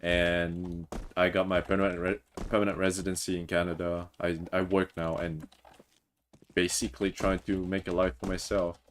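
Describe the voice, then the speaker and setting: Very deep-voiced chatty streamer man. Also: little pitch movement, moderate pace, a little hiss or hum. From Mauritius. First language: French. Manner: chatty, reads chat aloud and answers it. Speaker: game streamer. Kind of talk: casual livestream chat. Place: home room, Toronto.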